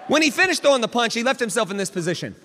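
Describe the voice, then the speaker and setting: A male pastor delivering a storytelling sermon, animated and dramatic, building to near shouts. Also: very high-pitched, racing, in a large hall, slight background noise.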